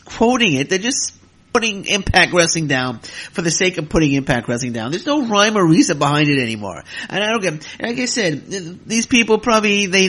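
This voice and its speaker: Fairly bright in tone and on the high side, this man hosts his own wrestling podcast. The solo rant comes out heated and exasperated, with plenty of fillers and some swearing.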